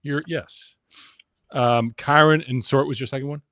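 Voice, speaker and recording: A man hosts a casual fantasy football and betting show in a mid-range voice. He runs through picks briskly and ribs his co-hosts between them. The sound is dry and close, with no room tone. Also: medium pitch, steady tone, sharp tone, no echo. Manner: brisk, runs the draft order, teasing. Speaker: podcast host. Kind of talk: casual sports betting chat.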